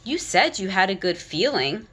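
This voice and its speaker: A woman's voice: mid-range voice, big pitch swings, moderate pace, a bit bright. A woman voicing a clingy, manipulative female squirrel who pleads and wheedles with her friend in a storybook retelling. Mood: pushy.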